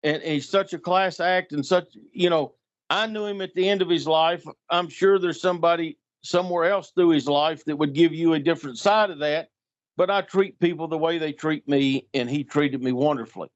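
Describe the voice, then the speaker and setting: A man's voice: on the high side, moderate pace. Middle-aged guy spinning a long story, does little voices for folks, kinda muffled audio. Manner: animated, acts out voices in anecdotes. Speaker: guest storyteller. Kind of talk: casual storytelling on a podcast. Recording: dull lo-fi sound.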